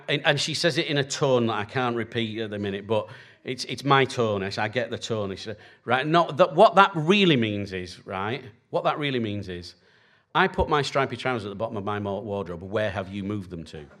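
A man in his forties preaches in an easy, conversational way, as if talking straight to each person in the room. His pitch swings widely from high bursts to low asides. He checks in with his listeners constantly and stays animated throughout. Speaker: pastor. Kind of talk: conversational sermon.

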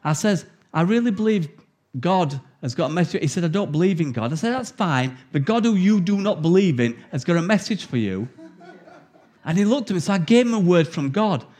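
A man's voice: sits high, a little fast. A man with an English accent preaching a sermon, telling stories with laughter and reading scripture earnestly. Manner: anecdotal storytelling, animated and laughing.

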